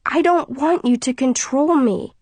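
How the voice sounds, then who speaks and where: Woman doing a teenage girl, defiant, sharp and accusing, high voice, dry sound. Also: expressive, a little slow, no room sound. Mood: furious.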